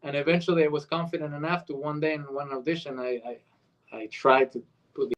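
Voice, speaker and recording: A man's voice: fairly high pitch, brisk, lo-fi sound. A middle-aged man from Argentina with an Argentine Spanish accent, chatting as a voice actor guest in an interview. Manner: animated, switches into Spanish accents to demonstrate. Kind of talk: casual interview chat.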